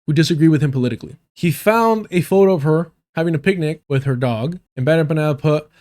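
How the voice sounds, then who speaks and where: Give me a man from the US hosting a livestream and picking apart a political debate. He rants in a heated, profane, sarcastic way, and his voice sits a little higher than most men's. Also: quick pace, a little mellow. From United States. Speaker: political commentary streamer.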